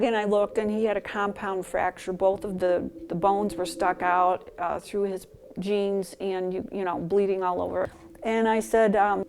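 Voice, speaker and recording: A middle-aged woman calmly recalls family stories in a documentary interview. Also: medium pitch, normal speed. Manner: calm, fond storytelling.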